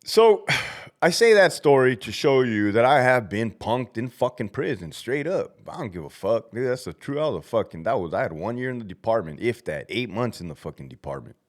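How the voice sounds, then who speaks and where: Profane, lively ex-prison-guard storyteller. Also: male voice, medium pitch, a little fast. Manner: profane, blunt, laughs at himself, acts out shouted commands. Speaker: former prison officer telling stories. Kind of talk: casual storytelling monologue.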